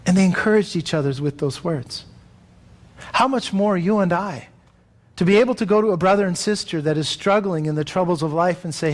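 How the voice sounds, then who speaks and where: A man's voice: high voice, normal speed. A man preaching a sermon in a conversational way, acting out the voices of the people he quotes. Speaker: pastor.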